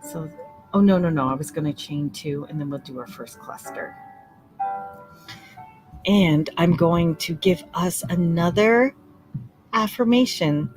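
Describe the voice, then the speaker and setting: A woman leading a relaxed crochet-along tutorial, chatting and laughing, counting stitches aloud softly. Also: fairly low pitch, unhurried, long pauses. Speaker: crochet teacher. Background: soft relaxing music.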